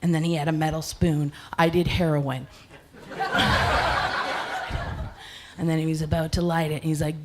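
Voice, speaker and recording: A woman's voice: sits low, flat delivery, normal speed, long pauses, heavy background noise. Laughing young woman doing stand-up. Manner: storytelling, acting out quoted exchanges, often laughing. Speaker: stand-up comic. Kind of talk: stand-up comedy set. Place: comedy club stage.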